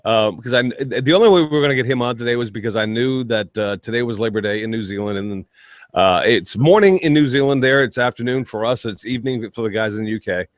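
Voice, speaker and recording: A man's voice: mid-range voice, quick pace, no echo, clean studio sound. A man hosting a casual podcast chat, upbeat and teasing. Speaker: host.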